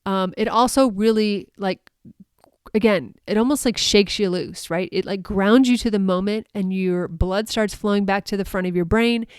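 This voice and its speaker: Woman coach doing her podcast, smooth clear voice, chatty, lots of fillers, dry close sound. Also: medium pitch, moderate pace, darkish tone, no echo. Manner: chatty and upbeat, many fillers, laughs often. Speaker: mindset coach for dog sport handlers. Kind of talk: solo coaching podcast talk.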